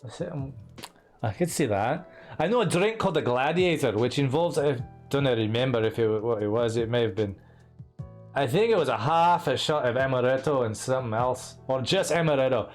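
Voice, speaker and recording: A man's voice: mid-range voice, moderate pace, soft background music. A man streaming a game, chatting casually and swearing a lot in a put-on Scottish accent. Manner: chatty, profane, jokey. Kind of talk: casual gameplay commentary.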